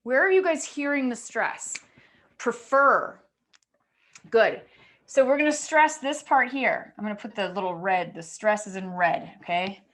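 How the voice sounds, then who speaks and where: A woman's voice: on the high side, moderate pace. A woman teaching English pronunciation to a class, explaining patiently step by step and often checking in with her students.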